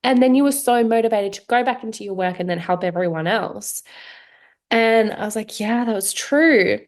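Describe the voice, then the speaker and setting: A woman's voice: fairly high pitch, moderate pace. A young adult woman hosting her own podcast, telling a personal story in a heartfelt, self-questioning way. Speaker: podcast host, nutrition coach. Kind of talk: candid solo podcast chat.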